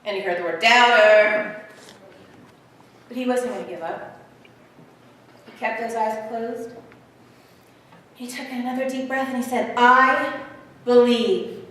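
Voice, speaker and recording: A woman guest speaker telling a story in a sermon, animated and swinging from loud to hushed, recorded far off in an echoey theater hall. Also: fairly high pitch, unhurried, long pauses. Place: theater hall at a church service.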